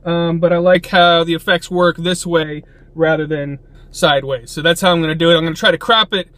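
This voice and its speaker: A man's voice: on the high side, fairly even intonation, a little fast, a bit bright, no echo. A young man hosting a goofy comedy tutorial, laughing often and jumping into silly character voices. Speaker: comedy YouTuber.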